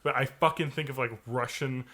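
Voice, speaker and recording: A man's voice: medium pitch, steady tone, brisk, fairly bright tone. A man in his thirties co-hosting a casual podcast chat, jokey and profane, often slipping into silly voices. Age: 30s. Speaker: podcast co-host.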